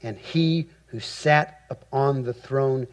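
A man preaching a sermon, reading scripture slowly and rising with emphasis on key words. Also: medium pitch. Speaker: pastor.

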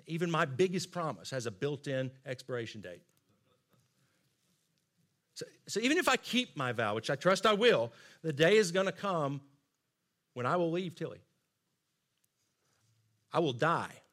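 A man's voice: fairly high pitch, expressive, a little slow, long pauses. Earnest, emphatic male preacher. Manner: earnest, emphatic, drops to soft asides. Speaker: pastor. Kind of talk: sermon.

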